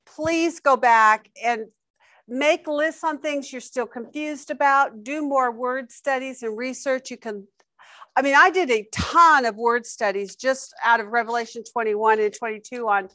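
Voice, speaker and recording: Bright, dry-sounding woman teaching a Bible class. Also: on the high side, measured pace, no room sound. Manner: warm, effusive and emotional when thanked.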